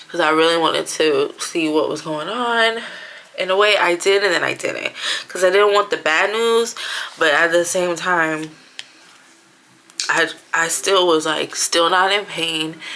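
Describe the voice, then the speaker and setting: Woman vlogger, 30s, bright and forceful tone, lowish pitch, chatty storyteller. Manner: chatty storytelling, acting out quotes. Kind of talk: casual personal vlog.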